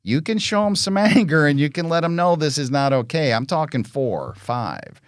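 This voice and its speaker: A man's voice: on the high side, normal speed, clean tone, dry recording, clean studio sound. A middle-aged man, the show's host, talking bluntly and with profanity in casual podcast chat, acting out parent and child voices as he tells stories. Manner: blunt, profane, animated storytelling.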